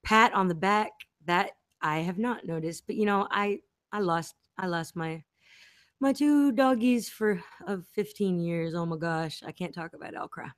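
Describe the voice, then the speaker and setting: A woman's voice: mid-range voice, a little slow, no room sound. A woman in a rambling casual chat, giggling and interrupting herself often. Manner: giggly, meandering, with frequent self-interruptions. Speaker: host.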